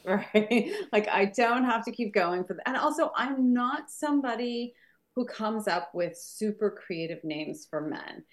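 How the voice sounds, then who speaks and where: A woman author as a podcast guest, giggly and a little rambling, quick to apologize. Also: on the high side, lively intonation. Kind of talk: casual interview chat.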